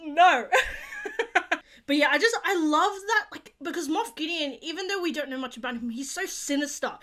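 A young woman with a high, bright voice chats casually through a review. She gushes and rambles, packs her sentences with fillers, and keeps breaking into squeals. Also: animated, normal speed. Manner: gushing, rambling, full of fillers; bursts into squeals and laughs. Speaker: YouTube reaction host.

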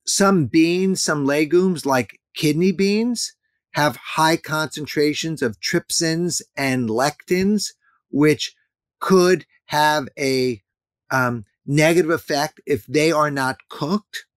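A man's voice: fairly high pitch, slow, no echo, clean studio sound. A man in his fifties, a guest in an interview, talking earnestly and emphatically, repeating his key points. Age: 50s. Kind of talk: interview conversation.

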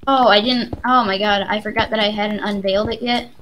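A woman's voice: mid-range voice, steady tone, a little fast, a bit bright, slight background noise, poor audio. A woman casually chatting and joking while playing a game with a friend, rambling on. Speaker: let's play co-host. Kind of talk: casual gaming chat.

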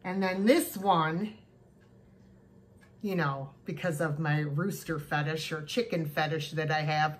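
A woman's voice: sits low, fairly even intonation, a little slow, a little hiss or hum. A woman chatting casually to camera as she shows her yard sale haul, gushing over each cute find. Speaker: thrift haul vlogger. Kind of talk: casual show-and-tell chat.

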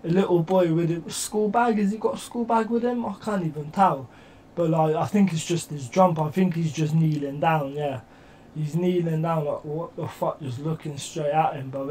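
A man's voice: a little high, moderate pace, darkish tone, far from the mic, rough recording. A man with an English accent giving a casual, rambling reaction commentary, full of slang and swearing. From England. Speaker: reaction YouTuber.

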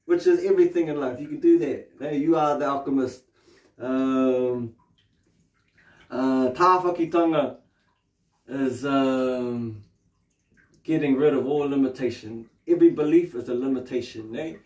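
A man's voice: medium pitch, a little slow, long pauses, darkish tone. A man with a New Zealand accent teaching meditation in a loose, casual way, swearing freely and tagging his sentences with questions. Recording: roomy, distant mic.

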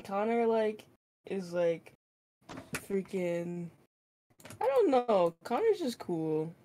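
A woman's voice: medium pitch, very animated, takes it slowly, warm tone, a little hiss or hum. A woman chatting casually with a friend, rambling and filling her talk with "like". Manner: rambling, heavy use of "like" fillers. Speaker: friend of the streamer. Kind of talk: casual chat.

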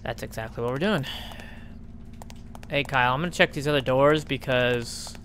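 A let's play commentator giving casual gaming commentary, sarcastic and swearing freely while yelling at the game characters. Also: mid-range voice, moderate pace, slight background noise.

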